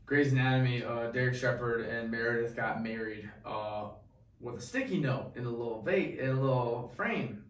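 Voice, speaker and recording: A young man co-hosting a podcast, rambling through a profane, excited story in casual chat. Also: medium pitch, normal speed. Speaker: podcast co-host. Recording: echoey room, distant mic.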